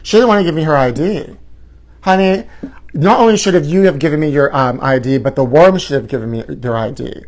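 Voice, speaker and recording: A man's voice: a little high, brisk. A man in his forties hosting a live gossip talk show, flamboyant and sassy, calling his viewers honey. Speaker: host.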